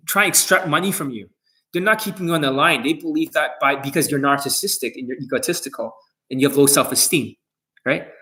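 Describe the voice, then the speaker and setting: A man's voice: fairly high pitch, bright, forceful tone. A man who coaches dating, talking to camera in a blunt, boastful monologue full of swearing.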